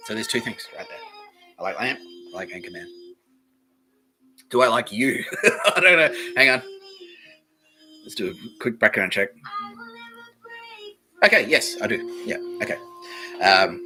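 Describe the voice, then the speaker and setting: A man's voice: medium pitch, sing-song, unhurried, pauses often, pushed and bright, faint music behind. An Australian man hosting a comedy podcast, ranting in a profane, rambling, mock-outraged way. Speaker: podcast host. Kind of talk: comedic rant.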